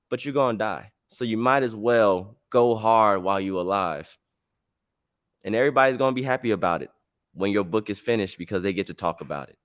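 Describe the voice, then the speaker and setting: A man hosting a casual storytelling podcast, telling a travel tale in a slangy, rambling, animated way. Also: on the low side, dry recording, studio quality. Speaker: podcast host.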